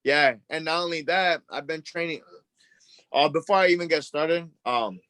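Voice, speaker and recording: A man's voice: a little high, normal speed, bright, forceful tone, dry recording. A young boxer in his twenties from Worcester, Massachusetts, telling fight stories in a rambling, eager way with lots of fillers. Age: 20s. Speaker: boxer guest. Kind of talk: casual interview chat.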